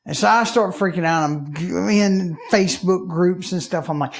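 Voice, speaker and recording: A man from Alabama, co-hosting a podcast and telling a story in a lively way, acting out his own panicked reactions. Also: high-pitched, normal speed, few pauses. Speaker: podcast co-host. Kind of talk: casual chat.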